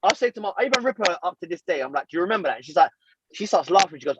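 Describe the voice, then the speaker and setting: Animated man telling a story. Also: sits high, very fast, dull audio, noisy background. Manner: animated, self-mocking slang-heavy storytelling. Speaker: podcast co-host. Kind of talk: casual storytelling chat.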